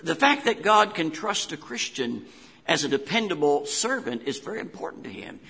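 Gravelly older preacher with West Virginia accent. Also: male voice, on the high side, big pitch swings, moderate pace, pushed and bright, big-room sound. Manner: folksy storytelling preacher with homespun asides. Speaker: pastor. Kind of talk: sermon.

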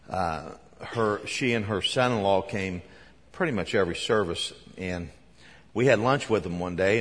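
A man's voice: lowish voice, a bit bright, in a large hall. A man preaching a sermon to his congregation, talking conversationally with fillers and restarts. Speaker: pastor. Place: church sanctuary.

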